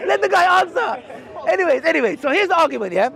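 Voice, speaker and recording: A man's voice: extremely high pitch, lively intonation, fast talker, gravelly, pushed and bright. A man debating in an outdoor park, mocking and emphatic, talking to the crowd. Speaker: street debater. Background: crowd chatter.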